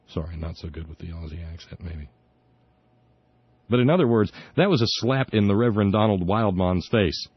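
A lowish male voice rants through sarcastic political commentary as a radio talk host. He is indignant and often trips over his words before pushing on. The sound is dull and lo-fi, with no room echo at all. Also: animated, normal speed, slightly rough. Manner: indignant, sarcastic, stumbling restarts. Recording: dull lo-fi dry recording.

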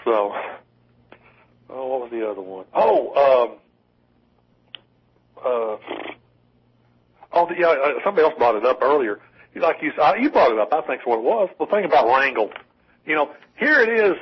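A man's voice: mid-range voice, sing-song, moderate pace, long pauses, slight background noise. A man co-hosting a casual political talk radio show, rambling with many restarts and wry asides. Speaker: call-in co-host. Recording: dull lo-fi radio broadcast.

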